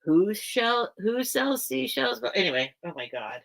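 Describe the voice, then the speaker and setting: A woman's voice: mid-range voice, sing-song, measured pace, creaky, a little hiss or hum. A woman hosting a live vintage sale stream, rambling and interrupting herself in casual chat. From grew up by the beach. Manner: rambling, self-interrupting, chatty.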